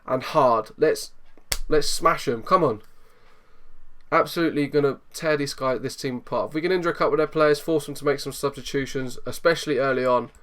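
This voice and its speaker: A man giving excitable live commentary over a football management game, swinging from low muttering to loud outbursts. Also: a little fast. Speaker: gaming YouTuber.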